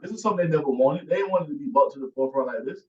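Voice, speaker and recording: A man preaching hard, pressing each point and driving it home, his voice set a little high. He sounds far from the mic in an echoing room, and the recording is dull. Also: lively intonation, racing. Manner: forceful, repeats "man" and "you see". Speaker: teacher. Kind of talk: emphatic preaching commentary. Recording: echoey, distant, dull sound.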